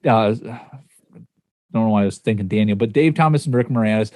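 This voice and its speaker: A man's voice: lowish voice, brisk, darkish tone, dry recording, studio quality. A man co-hosting a casual podcast chat, rambling with many fillers and laughing at himself. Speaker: podcast co-host.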